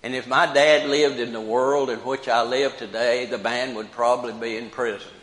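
An older man preaching a sermon slowly and emphatically, repeating key phrases for weight. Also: mid-range voice, fairly even intonation, a bit bright. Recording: roomy hall with long reverb.

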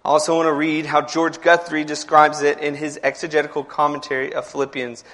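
A man's voice: on the high side, flat delivery, fairly quick, a bit bright. A man preaching a sermon in a church, talking conversationally, repeating words, and building to emphatic passages. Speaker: pastor.

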